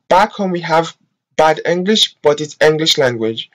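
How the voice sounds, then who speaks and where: A vlogger from Africa, ranting to camera in an impassioned, profane and exasperated way, with drawn-out filler sounds. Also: medium pitch, expressive, low-quality recording. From West Africa. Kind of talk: emotional vlog rant to camera.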